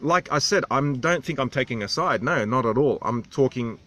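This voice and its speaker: A man's voice: mid-range voice, lively intonation, normal speed, sharp tone, soft background music. Casual Australian man vlogging. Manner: rambling, candid, self-deprecating. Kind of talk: casual vlog storytelling.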